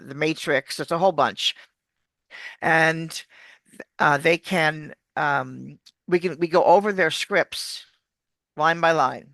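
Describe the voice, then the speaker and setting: Bright, chatty woman coach. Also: low-pitched, vocal fry, no room sound. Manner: chatty, explanatory, restarts words. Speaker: accent coach. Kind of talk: casual video-call interview.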